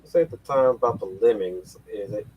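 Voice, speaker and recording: A man's voice: on the low side, fairly quick, highs cut off, slight background noise. A man hosting a casual panel chat, rambling with many restarts and casual swearing. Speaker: podcast host.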